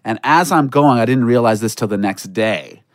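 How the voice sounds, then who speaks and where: A man telling a comic story on a podcast in an animated way, acting out voices with shouts and laughter. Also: mid-range voice, normal speed, no echo, clean studio sound.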